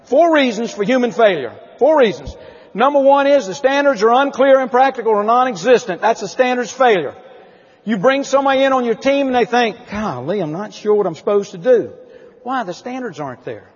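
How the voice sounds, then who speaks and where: A man with a husky, rather high voice delivers an emphatic keynote talk at a conference. The recording is dull and lo-fi, with a long reverb from a large hall. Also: lively intonation, fairly quick. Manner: emphatic storytelling, asks the audience questions. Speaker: motivational speaker at a company conference.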